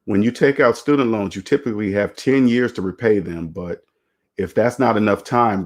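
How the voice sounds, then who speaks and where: A man's voice: on the low side, moderate pace. A man hosting a casual finance livestream, lecturing emphatically and repeating his points. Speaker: personal finance YouTuber.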